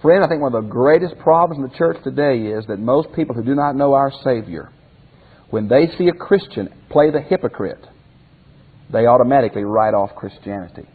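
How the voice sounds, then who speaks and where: A man's voice: medium pitch, lively intonation, brisk, breathy edge, in a large hall, narrow, tinny audio. A man teaching a Bible commentary lesson as a pastor in a folksy way, asking his listeners rhetorical questions.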